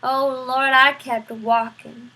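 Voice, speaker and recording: A woman voicing a desperate, guilt-ridden male prisoner from a storybook, pleading in rough plain speech. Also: sits high, level tone, slow pace, sharp tone, full character voice, rough recording. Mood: remorseful.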